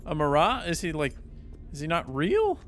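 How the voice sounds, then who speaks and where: A man commentating casually on a game playthrough, getting excited and yelping at game events. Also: a little high, normal speed, faint music behind. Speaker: gaming YouTuber. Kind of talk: let's play commentary.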